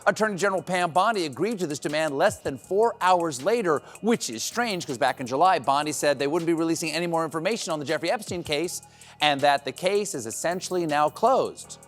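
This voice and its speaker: A man's voice: on the high side, animated, fairly quick, fairly bright tone, soft background music. A man delivering a comedic monologue as a late-night host, with sarcastic punchlines.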